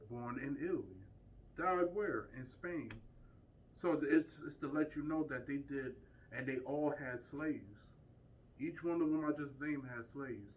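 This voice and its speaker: A man's voice: mid-range voice, slight background noise. Emphatic man lecturing from a distance. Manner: emphatic, asks rhetorical questions. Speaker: community speaker teaching a group. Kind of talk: informal lecture to a small audience.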